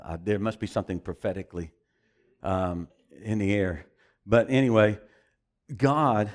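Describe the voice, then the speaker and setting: A man's voice: fairly low pitch, unhurried, pauses often, darkish tone. A man preaching a sermon as pastor, emphatic and repeating phrases for emphasis.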